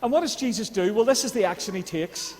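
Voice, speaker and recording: A man's voice: sits high, quick pace, a little mellow. A man with a Northern Irish accent preaching a sermon in a church, talking in a conversational way that rises to fervent appeals. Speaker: pastor. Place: church hall. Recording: long church reverb.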